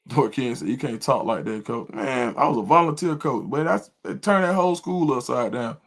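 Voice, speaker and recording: Middle-aged man, animated livestream storyteller and host. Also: normal speed. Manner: animated storyteller, jumps to high loud voice when quoting himself. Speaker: volunteer youth football coach and show host.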